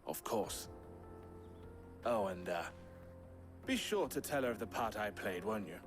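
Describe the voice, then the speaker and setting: An actor playing a wry, smooth-talking smuggler brother in a video game cutscene, with music behind. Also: male voice, lowish voice, very animated, measured pace. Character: sly smuggler man, Eloise's brother Theodore.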